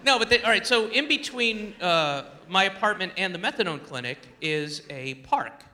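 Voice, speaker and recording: A male stand-up comedian with a high, very bright voice. He rambles and interrupts himself, with lively rises and falls in pitch. A faint hiss sits under the voice. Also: normal speed. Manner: rambling, self-interrupting, animated.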